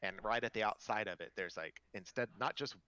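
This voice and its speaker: A man's voice: on the low side, a little fast, pushed and bright, clean tone, no echo, highs cut off. A man running a tabletop game as game master, narrating in a loose, rambling way.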